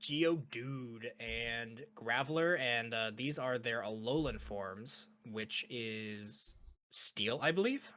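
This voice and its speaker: Bright-voiced young man chatting, laughing often. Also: medium pitch, slow, a little hiss or hum. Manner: laughing often, rambling, casual. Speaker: host ranking characters. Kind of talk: casual chat.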